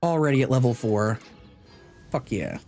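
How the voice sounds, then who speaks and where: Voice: medium pitch, sing-song, moderate pace, a little mellow, faint music behind. A streamer giving casual live commentary on a game, chatty and thinking aloud, sometimes stumbling over unfamiliar names.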